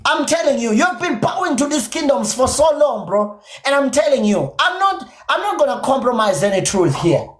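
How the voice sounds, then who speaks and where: A South African man with a Zulu-inflected accent, his native isiZulu tongue showing through. He hurls blunt, profane, repetitive jabs in a livestream rant, and his pitch leaps up and down wildly. The room around him rings with echo. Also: sing-song, normal speed, hardly any pauses. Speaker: podcast streamer. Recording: echoey room.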